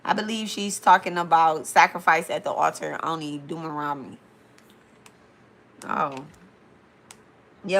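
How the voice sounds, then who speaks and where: On a casual live stream, a spiritual reader from Detroit reads comments aloud and answers them, her Detroit accent coming through as she talks bluntly and curses. Her low voice has a fairly bright tone, and she keeps a measured pace broken by long pauses.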